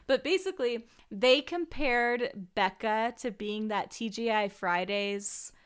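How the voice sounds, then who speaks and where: A woman's voice: a little high, takes it slowly, clear, resonant tone. A young woman co-hosting a podcast in casual chat, blunt and exasperated, with plenty of swearing. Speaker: podcast co-host.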